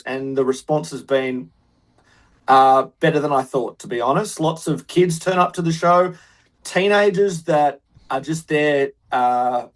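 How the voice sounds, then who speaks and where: An Australian man answers interview questions as a guest musician, rambling and hesitant with frequent restarts. His voice sits slightly high for a man. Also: rough recording.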